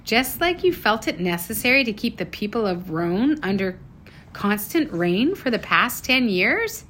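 A woman voicing a bright, determined young girl inventor in a storybook reading, in a raised, lively girlish tone. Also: medium pitch, measured pace, a little hiss or hum. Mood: accusing.

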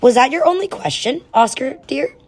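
A woman's voice: sits high, lively intonation, normal speed, darkish tone, pitched above the performer's own voice. A woman voicing a sweet-talking, prying middle-aged mother in a storybook reading. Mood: sugary.

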